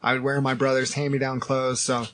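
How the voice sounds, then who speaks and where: A man in his thirties, a podcast host, telling animated stories in casual chat and laughing often. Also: medium pitch, fairly quick, slight background noise.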